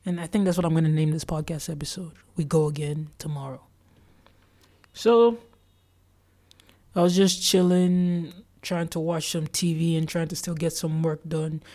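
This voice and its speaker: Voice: medium pitch, fairly even intonation, moderate pace, darkish tone. A solo podcast host recounting their day in a loose, chatty way. The talk is full of "like" fillers, and the host acts out what other people said along the way. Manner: chatty, with many "like" fillers and acted-out quotes. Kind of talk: casual solo storytelling.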